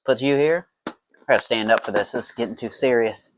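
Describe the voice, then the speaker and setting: In a casual home-brewing vlog, a man makes mead while chattering playfully to himself. He speaks a little fast at a medium pitch, and the recording has no echo.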